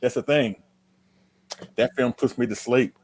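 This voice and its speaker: A man's voice: mid-range voice, fairly even intonation, a little slow, darkish tone, no room sound. A man hosting a live-stream interview, asking questions in a playful, teasing way. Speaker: show host, interviewer.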